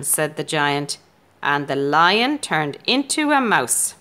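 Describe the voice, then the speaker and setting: Female narrator for a children's storybook, unhurried, expressive pitch. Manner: slow, lively storytelling with changing pitch. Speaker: storybook reader.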